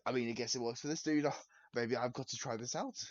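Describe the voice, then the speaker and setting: A man's voice: medium pitch, quick pace, no echo, highs cut off. A man, giving blunt, sarcastic commentary on a video, swearing and laughing often. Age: 20s. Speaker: reaction video host. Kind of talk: casual reaction commentary.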